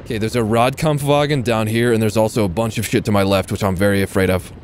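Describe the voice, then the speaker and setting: A man's voice: lowish voice, steady tone, quick pace, slight background noise. A young man streaming a tank game live, joking around and swearing as he talks through the fight. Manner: jokey, swears a lot, thinks aloud mid-fight. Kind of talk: live gameplay commentary.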